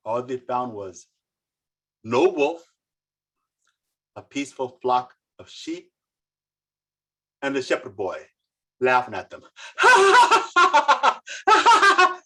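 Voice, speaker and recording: A storyteller telling folk tales slowly and dramatically over a video call. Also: a bit bright, breathy edge. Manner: slow, dramatic, with sweeping pitch. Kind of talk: oral folk tale telling.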